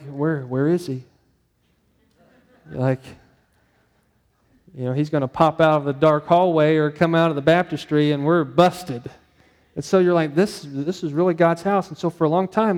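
A male pastor preaching a conversational sermon, animated and acting out his own inner dialogue. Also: a little high, in a large hall.

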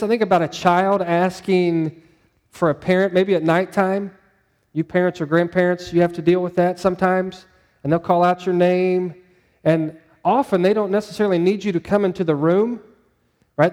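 Male pastor, slightly high mellow voice, chatty preaching style that draws in the congregation. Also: in a large hall. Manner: conversational, asks the congregation questions. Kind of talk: sermon.

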